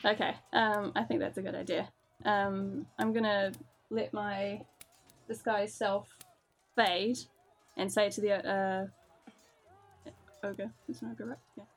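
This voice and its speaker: A woman's voice: medium pitch, flat delivery, takes it slowly, pauses often, soft background music. A woman playing a tabletop game, giggly and talking in character. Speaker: player.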